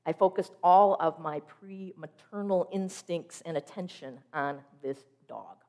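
A woman preacher delivering a sermon, telling a personal story in a vivid, expressive way. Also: lowish voice, a little slow.

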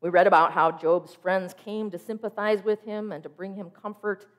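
A woman preacher delivering a sermon, telling a personal story in a vivid, expressive way. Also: medium pitch, normal speed.

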